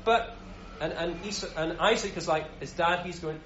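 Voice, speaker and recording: A man's voice: high-pitched, fairly even intonation, normal speed, hardly any pauses, slight background noise. A man giving an informal sermon as a Bible teacher, talking in a casual, conversational way with frequent restarts. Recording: roomy, dull sound.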